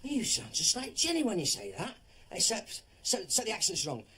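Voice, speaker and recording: A man's voice: high voice, wildly swooping pitch, moderate pace, bright, forceful tone, slight background noise, exaggerated voice. An actor playing a drunk, newly single man rambling to his friend late at night. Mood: tipsy. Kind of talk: TV drama acting.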